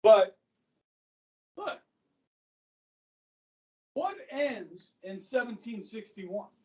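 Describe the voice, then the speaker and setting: A man's voice: sits high, big pitch swings, extremely slow, darkish tone. Chatty male history teacher lecturing a class. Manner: chatty, keeps checking in with students. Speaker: high school history teacher. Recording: echoey classroom from far off.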